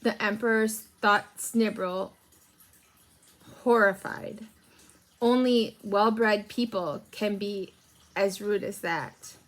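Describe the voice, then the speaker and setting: A woman teacher reading a chapter book aloud to children, in a clear storytelling manner. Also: mid-range voice, fairly even intonation, slow pace, pauses often. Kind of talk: children's read-aloud narration.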